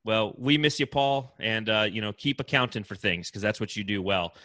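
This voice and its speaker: Guy, podcast host, bright punchy voice, dry close mic, jokey energy. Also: lowish voice, normal speed, no echo. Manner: energetic, joking, hypes the team. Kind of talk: casual sports podcast chat.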